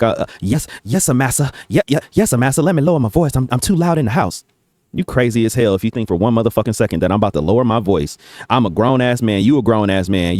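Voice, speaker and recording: A man with a lowish voice rattles off his opinions at a quick clip, blunt and full of profanity. He talks in casual streetwise slang, recorded dry and close with no room sound. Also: a little mellow, no room sound. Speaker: reaction video host. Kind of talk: casual reaction commentary.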